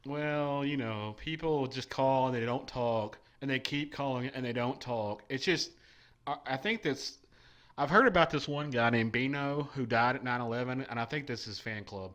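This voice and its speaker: A man's voice: mid-range voice, moderate pace, a bit bright. A man hosting a live call-in stream, brash and profane, taking callers with mock-patriotic banter. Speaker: call-in show host.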